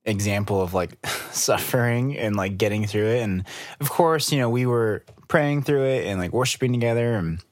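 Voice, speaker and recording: An upbeat, joking man co-hosting a church podcast, speaking in a low voice. He keeps things light and casual. The recording is dry and close-miked. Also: normal speed, dry recording. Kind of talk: casual chat.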